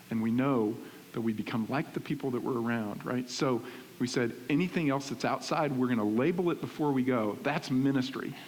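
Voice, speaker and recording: A middle-aged male pastor preaching in a church, animated and conversational, often checking in with "right?". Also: medium pitch. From Texas. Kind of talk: sermon. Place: church sanctuary. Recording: reverberant church hall with faint hiss.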